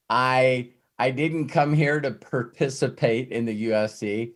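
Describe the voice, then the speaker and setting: A man's voice: medium pitch, measured pace, few pauses. A man hosting a Q&A, retelling a story with frequent "uh" fillers before an earnest motivational pep talk, heard over a video call.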